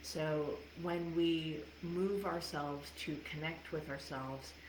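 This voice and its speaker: A woman's voice: low-pitched, fairly even intonation, slow pace, slight background noise. A woman life coach talking candidly to a live audience, swearing freely and laughing often. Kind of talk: casual livestream talk. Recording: echoey room with faint ambience.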